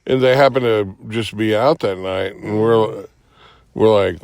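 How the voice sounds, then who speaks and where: A man's voice: lowish voice, unhurried, creaky, smooth, no room sound. A man telling a long rambling story in casual podcast chat, swearing and acting out what people said. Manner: rambling, profane, acts out quotes with sudden shouts. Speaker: podcast host.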